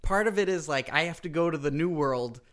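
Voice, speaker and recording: A man's voice: fairly high pitch, animated, brisk, a bit bright. A man co-hosting a casual podcast, talking earnestly in bursts full of "like" and laughing often. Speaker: podcast co-host.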